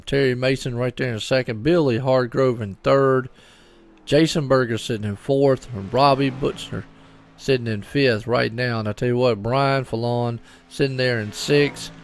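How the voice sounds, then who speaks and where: Gravelly, chatty male race commentator. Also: medium pitch. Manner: chatty and rambling, repeats words; folksy, upbeat. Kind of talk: live sim-racing commentary.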